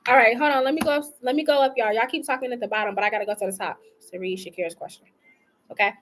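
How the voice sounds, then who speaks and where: Woman, tarot reader on a live stream, relaxed and colloquial, slightly high voice, faint noise behind. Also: very fast. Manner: chatty, colloquial, talks to chat as "y'all" and "love". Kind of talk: casual live-stream chat.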